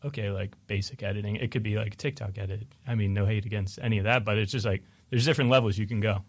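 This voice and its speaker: A young man as a radio guest, talking in a relaxed, self-deprecating way with many "like" fillers. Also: lowish voice, fast, dry recording. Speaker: guest, visual artist. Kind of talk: casual interview chat. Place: radio studio.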